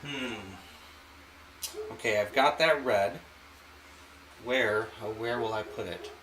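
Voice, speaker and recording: A man hosting an art channel, walking through a painting demonstration in a relaxed way and thinking aloud as he works. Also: on the low side, slow, echoey room, a little hiss or hum, poor audio. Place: home art studio.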